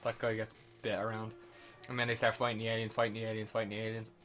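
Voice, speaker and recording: A man's voice: fairly low pitch, monotone, fast talker, fairly bright tone, faint music behind. A man on a podcast casually recapping a film, rambling and swearing. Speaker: podcast host. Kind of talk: casual film review chat.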